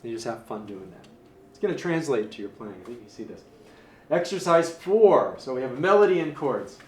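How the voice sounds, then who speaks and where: A man teaching jazz piano in a relaxed, casual way, counting beats aloud and scatting rhythms. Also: mid-range voice, brisk. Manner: easygoing, counts beats aloud and scat-sings syllables. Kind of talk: casual spoken instruction. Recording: roomy, distant mic, faint hiss.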